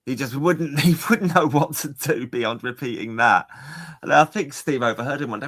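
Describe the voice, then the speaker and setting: A man's voice: medium pitch, expressive, moderate pace, a bit bright. A man from England co-hosting a podcast, telling long casual stories with many restarts. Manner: rambling storyteller, many restarts. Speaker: podcast co-host. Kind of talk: casual chat.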